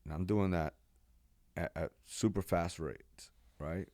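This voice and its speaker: A man in his forties, a pastor from New York, telling his life story as a podcast guest in an animated, casual way with slang. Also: low voice, takes it slowly, dry recording. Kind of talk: personal testimony in a podcast interview.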